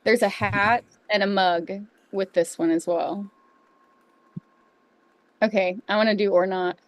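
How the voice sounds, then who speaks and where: A woman's voice: mid-range voice, steady tone, measured pace, dry recording. Gushing woman with a dry sound. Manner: gushing, enthusiastic. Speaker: co-host. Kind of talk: casual chat.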